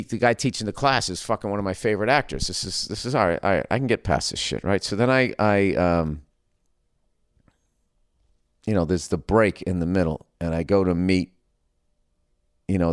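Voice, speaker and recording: A man in his fifties with a Boston accent, a comedian telling a profane, animated story on his podcast. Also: low-pitched, moderate pace, no room sound, clean studio sound. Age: 50s. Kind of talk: storytelling monologue.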